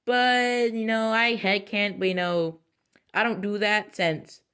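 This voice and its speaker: A woman's voice: medium pitch, fairly even intonation, takes it slowly, a bit bright, smooth. A woman vlogger talking casually to her viewers, rambling and correcting herself, laughing often. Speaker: video creator. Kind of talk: casual talk to camera.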